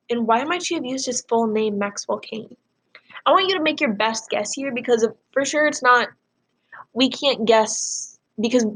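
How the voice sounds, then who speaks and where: A woman teacher reads a novel aloud to her students in a measured, expressive way, then sets them a question. Her voice is on the high side.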